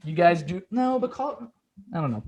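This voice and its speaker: A man's voice: sits high, animated, normal speed, creaky, a crowd in the background. A young man co-hosting a sports podcast, brash and opinionated, casually swearing as he talks playoff picks.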